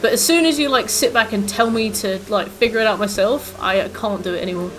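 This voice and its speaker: A woman's voice: mid-range voice, fast. Rambling woman streamer. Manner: rambling and chatty, full of "like" and "um". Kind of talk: casual chat with viewers while gaming.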